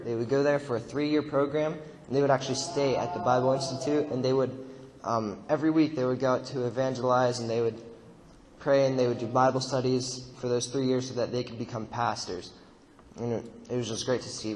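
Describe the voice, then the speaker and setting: A man's voice: medium pitch, in a large hall, a little hiss or hum. A young man casually recounting a mission trip while narrating a slideshow, rambling with fillers and laughs. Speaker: mission trip member giving testimony.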